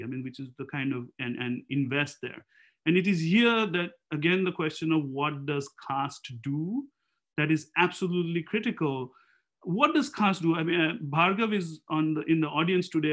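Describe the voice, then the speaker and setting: A man's voice: fairly high pitch, fairly bright tone. A man speaking as a panelist in an academic seminar, thinking aloud in a discursive way and posing rhetorical questions.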